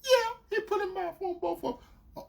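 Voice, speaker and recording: A man voicing a young college woman who tearfully and hesitantly confesses, in a high falsetto. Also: normal speed, vocal fry, heavily acted. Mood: tearful confession.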